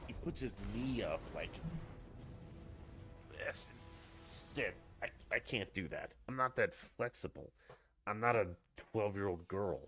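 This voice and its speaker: A man's voice: deep voice, a bit bright. A man chatting casually on a live game stream, rambling and swearing freely after a few drinks. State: has been drinking.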